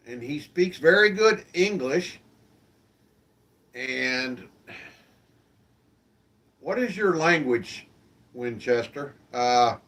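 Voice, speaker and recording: A man's voice: a little high, a bit bright. A man hosting a live-stream show, chatting casually and in a friendly way with his viewers and asking them questions.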